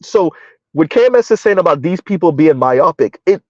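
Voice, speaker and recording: On a casual live stream, a middle-aged commentary host rambles on with plenty of fillers and quick laughs, his intonation lively and his pace moderate. His voice is a bit high for a man and a little mellow. The dull, lo-fi recording is dry and close, with no room sound.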